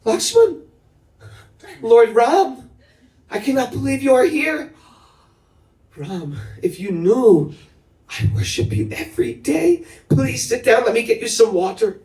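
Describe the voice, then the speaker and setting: A man's voice: very animated, takes it slowly, long pauses, a little mellow, full character voice. A man voicing a young devoted woman who is tearful and pleading, in a roomy recording made from a distance. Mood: awestruck. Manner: high pleading voice, emotional.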